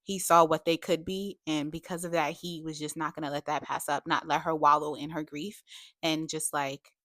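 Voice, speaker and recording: A woman's voice: low voice, little pitch movement, normal speed, a bit bright, dry recording, clean studio sound. A young adult woman giving a casual book review vlog, chatty and full of "like" and "you know", breaking into emphatic rants. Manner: frequent fillers like "like" and "you know".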